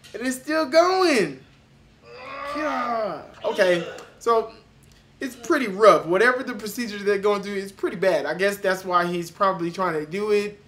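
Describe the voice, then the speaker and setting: A young man doing loud, mocking reaction commentary, cursing and breaking into shouting laughs. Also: high-pitched, a little hiss or hum. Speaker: reaction video host.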